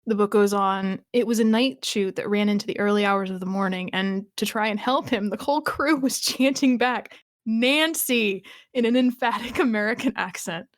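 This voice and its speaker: A woman's voice: mid-range voice, brisk, hardly any pauses, no echo, studio quality. A woman co-hosting a podcast, chatting casually about a TV episode, laughing often and restarting her sentences. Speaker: podcast co-host.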